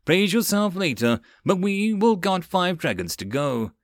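A man voicing a commanding male air crew chief who yells orders. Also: high voice, sing-song, a little slow, no echo, clean studio sound, voice pushed up, heavily acted. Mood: urgent. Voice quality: loud, barking orders.

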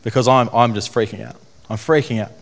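A young man telling his personal story to an audience, in an earnest, halting way that repeats phrases. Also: medium pitch, steady tone, vocal fry. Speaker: speaker telling his testimony. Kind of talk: personal testimony talk to an audience.

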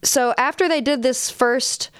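A woman's voice: high voice, measured pace, clear, resonant tone, no room sound, clean studio sound. A woman co-hosting a podcast, telling a story in a casual, profane, chatty way. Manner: relaxed, profane, laughing asides. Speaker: podcast co-host.

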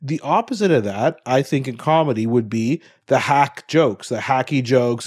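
A man's voice: mid-range voice, moderate pace, hardly any pauses, a little mellow, breathy edge. A middle-aged man co-hosting a podcast, chatting casually about a movie and rambling off on tangents. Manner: rambling, loses track and restarts. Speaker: podcast co-host. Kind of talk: casual movie review chat.

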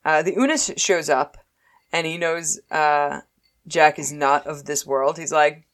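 A podcast co-host with a notably low voice chats with a friend, recapping a TV episode in a relaxed, conversational way. She is playful, keeps slipping into quick little character voices, and laughs easily.

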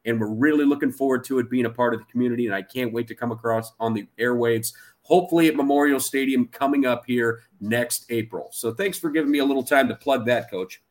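Man, podcast co-host, mid-pitched voice, upbeat, announcer-like delivery. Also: fast talker, few pauses. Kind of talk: casual podcast chat.

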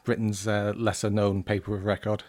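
A northern English journalist in his thirties guests on a casual podcast, his voice fairly low, flat, and a little mellow at normal speed. He speaks hesitantly, full of ums and restarts.

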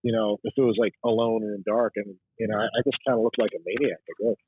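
A man's voice: on the low side, steady tone, fast, a little hiss or hum. A man who works as a diver, telling rambling casual stories as a podcast guest, with lots of fillers and restarts. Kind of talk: casual storytelling chat. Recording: tinny phone-like line, dry.

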